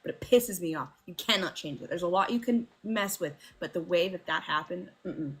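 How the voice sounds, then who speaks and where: Husky lowish female co-host, animated, nerdy, swears. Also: brisk, soft background music. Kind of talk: casual livestream chat.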